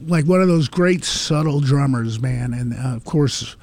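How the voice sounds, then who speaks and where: A man's voice: medium pitch, unhurried, darkish tone, no room sound. A man co-hosting a radio show, chatting casually and enthusiastically about events and music. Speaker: radio co-host, music segment.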